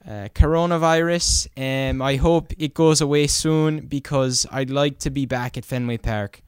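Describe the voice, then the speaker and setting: A man's voice: fairly high pitch, steady tone, clean tone, no echo, studio quality, natural voice. A man putting on a rambling Irish baseball fan. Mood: chatty. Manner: rambling, halting delivery.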